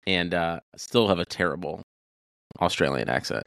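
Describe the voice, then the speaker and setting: Go low and dry, a guy ribbing his buddies and laughing at himself on a podcast. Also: moderate pace, creaky, a bit bright, no room sound. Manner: self-deprecating, teasing. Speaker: podcast co-host. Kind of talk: casual podcast banter.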